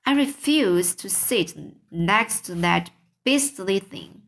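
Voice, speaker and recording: Woman reading polite little girl, soft, slow storybook voice. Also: mid-range voice, expressive, exaggerated voice. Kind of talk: reading a children's book aloud.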